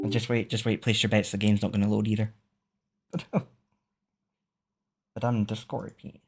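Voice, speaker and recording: A man's voice: fairly low pitch, level tone, takes it slowly, creaky, long pauses, soft background music. A man with a Scottish accent, a VTuber streamer rambling casually to his chat, swearing and laughing often. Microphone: streaming microphone.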